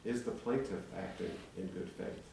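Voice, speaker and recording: A man's voice: on the low side, normal speed, gravelly, warm tone. A man in his sixties, an attorney, presenting a legal argument to a town commission in a formal public meeting. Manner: argumentative, building a legal case. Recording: echoey chamber, distant mic, faint hum.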